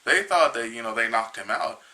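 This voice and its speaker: A man with a very bright, sharp-edged voice retells a comic book's plot in a loose, casual way. He rambles and halts, restarting his sentences often, and sounds a little tired. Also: medium pitch, lively intonation, low-quality recording. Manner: rambling, halting, with many restarts. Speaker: comic book reviewer.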